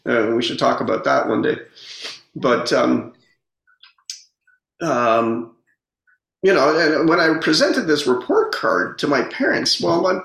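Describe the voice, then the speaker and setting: A man's voice: medium pitch, big pitch swings, creaky, fairly bright tone. A man telling personal stories in a reflective, casual way, often repeating and restarting words. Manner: halting, repeats words, earnest storytelling. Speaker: speaker on personal growth. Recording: roomy echo.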